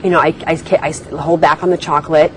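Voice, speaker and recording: Young woman, deep-ish register, reality contestant telling her story, chatty and rambling, filler-heavy. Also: steady tone, quick pace, a little hiss or hum, low-quality recording. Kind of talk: casual storytelling.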